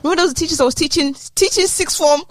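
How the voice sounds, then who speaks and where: Young woman podcast cohost, fast and bouncy, high voice, acts out people in her stories. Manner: animated storyteller, acts out quoted teachers. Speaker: podcast co-host. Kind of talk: casual chat.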